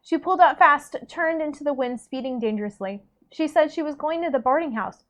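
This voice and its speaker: A woman's voice: high-pitched, brisk, fairly bright tone, voice pushed up. A woman voicing a scared young woman who protests in a frantic, breathless way. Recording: dull lo-fi recording.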